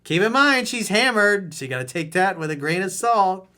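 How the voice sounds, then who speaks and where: A man's voice: high-pitched, expressive, normal speed, sharp tone. A man who coaches people on dating, reading out a viewer letter and answering it in a blunt, mocking way.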